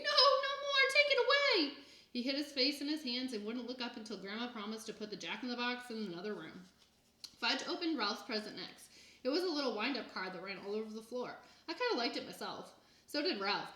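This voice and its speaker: A woman reads a children's chapter book aloud in an even, plain storytelling manner. Her voice sits a little high. The room adds a noticeable echo. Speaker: reader. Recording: echoey room.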